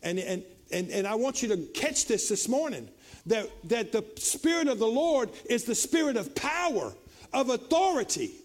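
Brief: male pastor, very high pitch, repetitive preaching that rises to shouts. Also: sing-song, moderate pace. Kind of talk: sermon.

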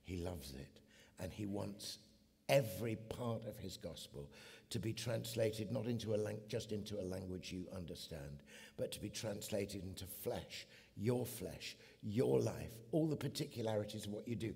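A middle-aged man from England giving an animated sermon as a guest preacher, building to emphatic peaks. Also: fairly low pitch, normal speed, gravelly, breathy edge. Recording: long hall reverb.

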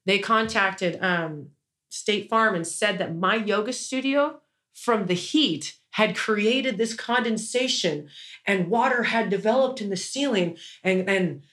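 A woman of middle pitch tells a long personal story as an interview guest, rambling from one point to the next with frequent fillers and restarts. Her tone turns indignant as she recounts being wronged. It sounds like casual talk rather than a prepared account. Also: unhurried, a bit bright. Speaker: small business owner, interview guest.

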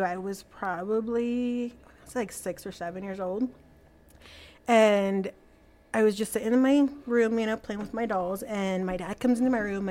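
A woman's voice: mid-range voice, a little mellow. A young adult woman telling a personal story as a podcast guest, casual and full of fillers like "like" and "you know.".

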